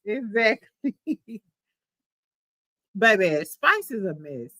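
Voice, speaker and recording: Animated profane woman podcast host. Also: mid-range voice, drawn-out words, no echo, low-quality recording. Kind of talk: casual reality TV recap.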